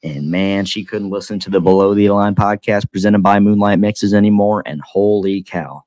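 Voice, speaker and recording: A man's voice: lowish voice, fairly even intonation, moderate pace, a little mellow, dry recording. A young man hosting a podcast, chatting casually in a joking, rambling way. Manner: joking, rambling, self-deprecating. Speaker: podcast host. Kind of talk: casual chat.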